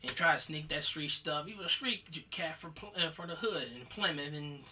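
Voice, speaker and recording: A man from Detroit telling a rambling, profane story about gym fights, acting out shouted quotes as a comedian. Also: on the high side, a little fast, far from the mic, a little hiss or hum. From Detroit, USA.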